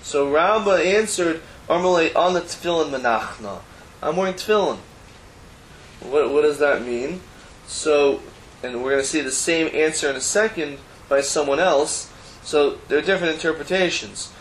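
A man gives a Talmud lesson in a somewhat high voice. He explains the text line by line, slipping Hebrew terms in among casual everyday asides. The room is echoey and there is a faint hum of noise behind him. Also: moderate pace. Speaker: Torah teacher. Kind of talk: Talmud class lecture. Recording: roomy echo, faint background noise.

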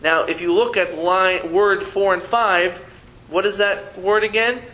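A man's voice: high-pitched, steady tone, measured pace, sharp tone, low-quality recording. A man teaching a Hebrew reading lesson to a class, patiently sounding out syllables and teasing his students playfully.

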